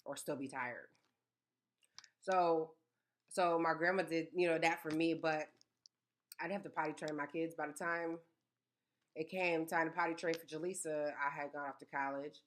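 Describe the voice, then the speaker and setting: A woman in a casual, story-filled chat. Her voice sits a little low, and she is animated and emphatic, stacking repeated words to drive her point home. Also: moderate pace, long pauses. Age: 30s.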